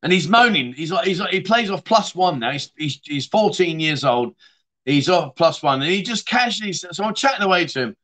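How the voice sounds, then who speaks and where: Middle-aged male host, bright forceful voice, a touch high, rambling chatty livestream banter. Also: lively intonation, fairly quick. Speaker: livestream chat show host. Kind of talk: casual livestream chat reading viewer comments.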